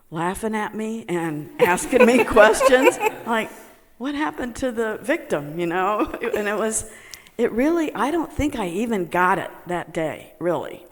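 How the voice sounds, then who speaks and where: A woman telling a personal story to a group, halting with many fillers and laughing as she talks. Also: mid-range voice, big-room sound. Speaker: meditation student sharing a testimony.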